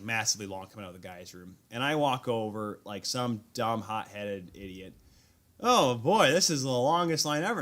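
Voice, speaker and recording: A man hosting a live sports talk stream, telling animated, self-deprecating stories about his encounters at an event. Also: medium pitch. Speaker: host. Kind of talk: casual sports chat. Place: remote stream call.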